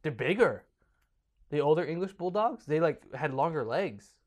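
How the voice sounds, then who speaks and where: A man's voice: fairly high pitch, big pitch swings, moderate pace, lo-fi sound. A man hosting a podcast, reading notes in a casual, joking way with small stumbles. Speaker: podcast host.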